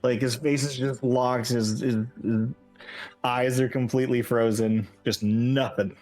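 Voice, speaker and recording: A man narrating as game master in a relaxed, descriptive way, with many fillers. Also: medium pitch, a little slow, faint music behind.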